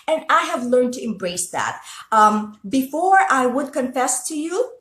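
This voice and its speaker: A woman from the Philippines speaks with a Filipino accent, her voice sitting a bit high. She talks to her viewers in an earnest, chatty way, often restarting her sentences. The sound carries a noticeable room echo. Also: big pitch swings, unhurried, a bit bright. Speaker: host. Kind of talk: casual motivational talk to viewers.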